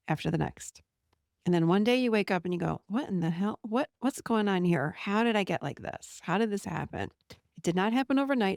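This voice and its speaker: A woman's voice: mid-range voice, gravelly, no room sound, studio quality. A middle-aged woman hosting a podcast as a therapist, speaking directly and telling client stories with animation. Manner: direct, animated storytelling, acts out client quotes. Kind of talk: casual podcast monologue.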